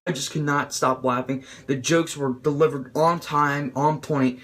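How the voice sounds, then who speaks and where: A young man excitedly reviewing a movie in an informal, rambling way, swearing freely. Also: a little high, unhurried. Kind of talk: casual video review.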